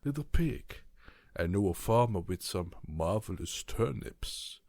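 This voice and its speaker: A man voicing a sly, menacing big bad wolf for a storybook, in a rough voice with a wheedling manner. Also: animated, unhurried, darkish tone, no echo, studio quality, full character voice. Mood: coaxing. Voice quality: low, rough voice.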